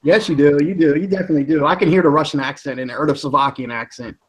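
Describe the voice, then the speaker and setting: A man's voice: a little high, fairly even intonation, rapid-fire, breathy edge. Chatty man with a New Jersey accent. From northeastern United States. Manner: rambling, chatty, laughs often. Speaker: chat participant. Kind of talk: casual group chat.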